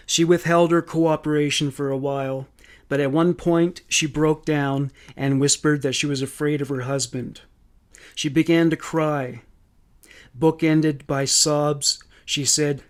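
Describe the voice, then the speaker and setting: A man's voice: on the high side, fairly even intonation. Somber man narrating true crime. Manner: measured, somber reading.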